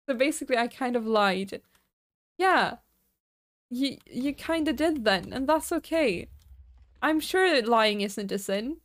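High-voiced, unhurried woman streamer. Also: expressive, no echo. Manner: chatty and giggly, laughs often; rambling, reads out and answers chat. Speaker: streamer playing with viewers. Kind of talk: casual live-stream chat.

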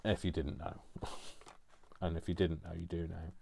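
A man's voice: low-pitched, level tone, unhurried, creaky, background noise. A man talking casually while he crafts, rambling and teasing himself along the way. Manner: rambling, self-mocking asides. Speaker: craft vlogger.

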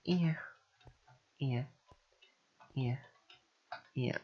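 A man's voice: mid-range voice, slow, pauses often, dull audio, background noise. A man giving casual gameplay commentary, frustrated and sighing, mocking himself as he mutters along. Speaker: gamer.

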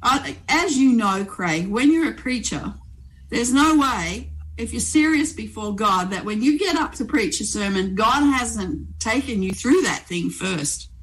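A woman, a guest pastor telling stories in a conversational faith interview, animated and chatty. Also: on the high side, a little slow, low-quality recording. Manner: animated storyteller, frequent "um" and "you know".

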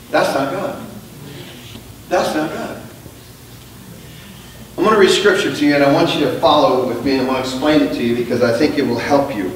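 A man's voice: medium pitch, slight background noise. Man preaching in an echoey sanctuary. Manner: emphatic preaching with call-and-response to the congregation; swings from quiet storytelling to loud, drawn-out emphasis. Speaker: pastor. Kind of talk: sermon. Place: church sanctuary. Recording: echoey church sanctuary, mic at a distance.

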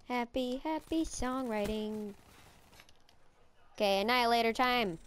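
A woman's voice: a little high, steady tone, a little slow, pauses often, clean tone. A woman giving playful, goofy live commentary while playing a shooter game, with silly chants and voices. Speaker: gamer.

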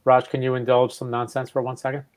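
A man's voice: mid-range voice, completely flat delivery, quick pace. A man co-hosting a live tasting show who jokes around and pokes fun at himself. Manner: joking, self-deprecating. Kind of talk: casual chat.

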